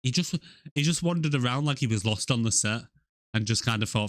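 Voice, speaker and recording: A man's voice: mid-range voice, lively intonation, a little fast, no echo, studio quality. A man co-hosting a movie podcast in casual banter, laid-back, blunt and sweary. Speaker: podcast co-host.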